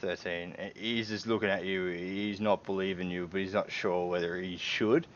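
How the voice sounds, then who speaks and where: A man's voice: low voice, fairly even intonation, moderate pace. A man narrating a tabletop game as game master, in a loose, casual way, on a dull lo-fi stream recording.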